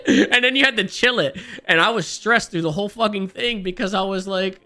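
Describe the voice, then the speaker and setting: A man's voice: high-pitched, normal speed, sharp tone, soft background music. A man streaming, telling a rambling, profane story in an exasperated, self-mocking way and laughing at himself.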